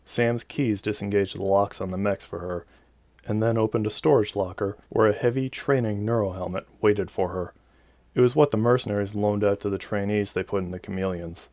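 A man narrating a science-fiction novel in a steady, even storytelling delivery. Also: fairly low pitch, fairly quick, no room sound. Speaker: audiobook narrator. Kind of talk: scripted narration.

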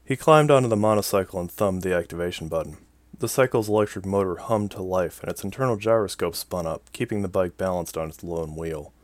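A man narrating a science fiction story in an even, measured way. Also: deep voice, no room sound. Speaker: audiobook narrator. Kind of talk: scripted narration.

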